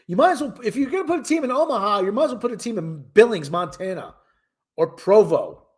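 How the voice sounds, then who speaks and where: Animated, exasperated man ranting about hockey. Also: sits high, fast talker, breathy edge. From Connecticut, Hartford area. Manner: exasperated, incredulous, many restarts. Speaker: host. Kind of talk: casual rambling sports commentary.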